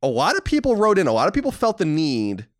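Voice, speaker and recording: A man's voice: high voice, wildly swooping pitch, fast talker, no echo, studio quality. An American man co-hosting a casual podcast, reading listener letters and teasing his audience in an upbeat, joking way. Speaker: podcast co-host.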